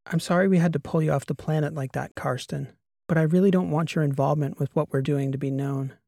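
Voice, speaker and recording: A man voicing a calm, guarded female starship captain who speaks softly and in a measured way. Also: fairly high pitch, gravelly, no room sound, clean studio sound. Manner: soft, measured, quiet delivery.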